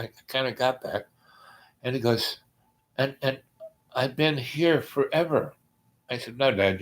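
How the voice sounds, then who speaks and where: A man casually telling a personal story, rambling and hesitant with many pauses and restarts, going quiet when he quotes others. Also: mid-range voice. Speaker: podcast host.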